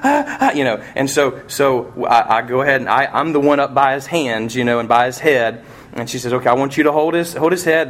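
Man preaching a sermon, hushed to pleading. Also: mid-range voice. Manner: storytelling, swings from hushed to loud pleading. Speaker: pastor.

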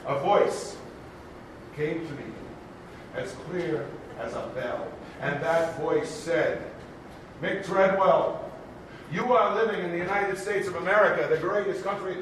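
A man's voice: a little slow, close to an everyday voice. A man playing a bombastic old Broadway producer. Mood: grandiose. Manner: grandiose showman patter, booming announcements. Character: aging bombastic male Broadway producer, showy and forgetful. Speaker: show's emcee character. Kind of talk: live improvised stage comedy. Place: theater stage. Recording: echoey theater recorded from far off, noisy.

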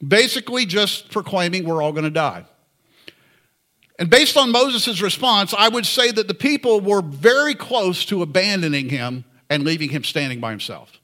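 A man's voice: sits high, expressive, moderate pace, bright, forceful tone. A man preaching a sermon in an earnest, conversational way. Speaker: pastor.

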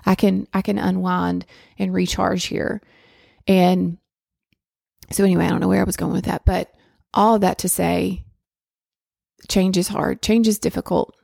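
A woman's voice: fairly low pitch, level tone, normal speed, vocal fry, pauses often, no echo, clean studio sound. A woman, talking candidly and rambling a little on her own podcast from home. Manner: candid, rambling, with restarts and soft laughs. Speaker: podcast host. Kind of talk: personal reflective monologue.

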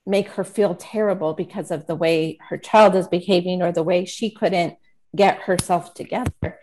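A middle-aged woman co-hosting a faith talk show, telling a personal story in an earnest, relaxed way with plenty of "like" and "um". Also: on the low side, moderate pace, slight background noise. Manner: earnest and relaxed, with filler words like 'like' and 'um'. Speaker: podcast co-host sharing a faith story. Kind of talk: casual conversational storytelling.

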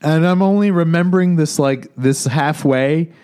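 Man, slightly high voice, profane rambling comedy banter, podcast co-host. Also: normal speed, warm tone, clean tone. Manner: profane, rambling, riffs into goofy bits.

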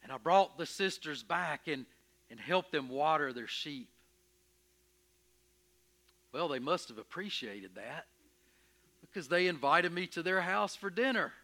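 A man playing Moses in a dramatic first-person sermon, telling his story with emphatic, expressive energy and stammering when anxious. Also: fairly high pitch, a little slow, pauses often, full character voice. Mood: earnest. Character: Moses, earnest, stubborn, curious shepherd. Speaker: preacher in character.

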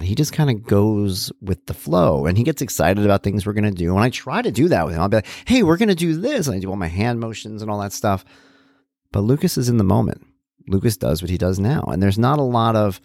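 Man, low voice, lively swinging pitch, dry close mic, conversational solo talk. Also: no room sound. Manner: conversational, animated, many asides and restarts. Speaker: podcast host, parent.

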